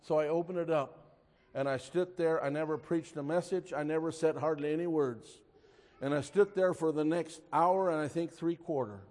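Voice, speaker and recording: A man preaching a sermon, telling a story and then pressing his point emphatically before dropping to a hush. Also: a little high, long reverb tail. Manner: storytelling, rising to emphatic exhortation, drops to a hush.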